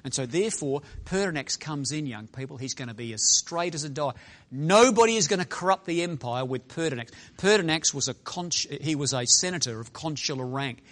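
A middle-aged male preacher with a slightly high voice tells a story to young people. He is animated, jumping from loud exclamations to hushed asides as he preaches in a dramatic storytelling style. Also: a little fast.

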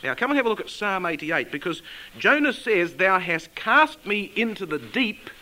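A man with a high-pitched voice leads a Bible study, his tone bright and forceful. He puts questions to the class and reads the verses out slowly, stressing each phrase. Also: big pitch swings, low-quality recording. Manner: asks the listeners questions, reads scripture aloud slowly and with emphasis. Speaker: Bible teacher.

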